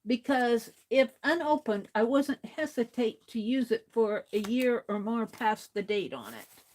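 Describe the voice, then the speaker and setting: Woman host, high voice, slow easygoing delivery, chatty, reads chat aloud between sketches. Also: lively intonation, darkish tone. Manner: chatty, reads viewer comments aloud, laughs easily. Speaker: art livestream host. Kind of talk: casual livestream chat while drawing.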